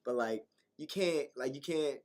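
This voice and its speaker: A young man co-hosting a college radio show, telling rambling, animated stories in casual slang. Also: mid-range voice, a little slow. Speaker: co-host. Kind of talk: casual chat.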